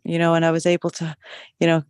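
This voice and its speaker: A chatty, upbeat middle-aged woman with a Scottish accent that carries a slight Australian twang. She keeps her pitch fairly flat and even as she talks, and the recording is dry and close. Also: fast, clear, resonant tone, no room sound. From Scotland. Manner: chatty, upbeat, swears casually. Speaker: group call participant. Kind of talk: casual chat.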